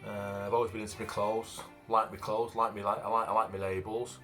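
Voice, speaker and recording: A man's voice: on the low side, flat delivery, fairly quick, fairly bright tone. A man in his fifties from Manchester with a broad Manchester accent, talking about himself in a blunt, plain-spoken casual monologue full of fillers. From Manchester, England. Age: 50s. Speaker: vlogger and author. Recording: faint background music.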